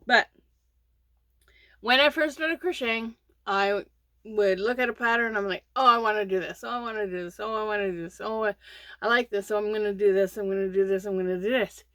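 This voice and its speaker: A woman's voice: medium pitch, fairly quick, a bit bright, no room sound. A middle-aged woman chatting casually about crochet on her channel, rambling with lots of fillers and restarts, a bit sleepy. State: sleepy, yawning. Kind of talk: casual crochet vlog chat.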